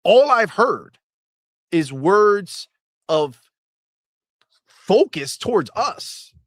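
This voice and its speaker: A man hosting a live gaming stream talks casually and swears freely. His fairly high voice leaps up and down as he riffs and mocks, and the sound is dry and close. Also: no echo. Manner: animated, profane, mocking. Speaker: livestream host. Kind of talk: casual livestream talk.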